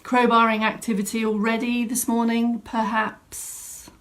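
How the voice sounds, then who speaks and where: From a home room set up as a studio, a woman fitness instructor opens a live online exercise class by chatting and greeting viewers by name. Her voice is on the high side, fairly flat in pitch, and a little slow.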